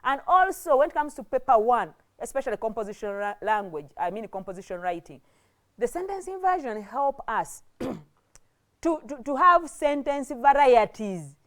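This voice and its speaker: A woman giving a televised classroom lesson as a teacher, explaining slowly, repeating herself and often checking with "okay?". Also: a little high, sing-song. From Uganda. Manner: slow, repetitive explaining, with frequent restarts and "okay?" checks. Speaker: English teacher.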